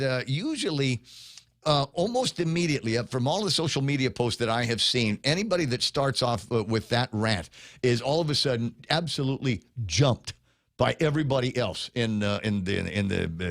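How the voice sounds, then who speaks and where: A man's voice: mid-range voice, expressive, fairly quick, a bit bright, dry recording, clean studio sound. A man hosting a morning radio talk show, rambling casually with many restarts and reading out listener comments. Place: radio studio.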